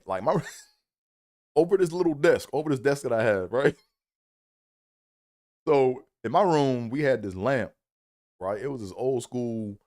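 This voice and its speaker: A young man with spins a childhood story, swearing freely as he goes. His voice sits at an ordinary pitch but climbs sharply whenever he acts out a quote. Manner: profane, animated, acts out quotes in a raised voice. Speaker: comedic storyteller. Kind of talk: casual storytelling monologue.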